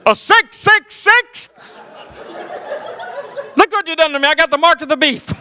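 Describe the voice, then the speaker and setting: A man voicing his fiery Pentecostal preacher father, swooping loud and soft in a preacher's cadence. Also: very high-pitched, animated, a little slow, a faint crowd, pitched above the performer's own voice, heavily acted. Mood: preachy.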